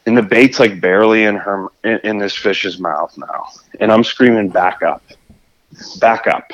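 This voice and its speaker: A man telling a fishing story in a casual, animated way, often restarting his sentences. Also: lowish voice, normal speed, lo-fi sound. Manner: animated, acts out his own shouts and scrambles with restarts.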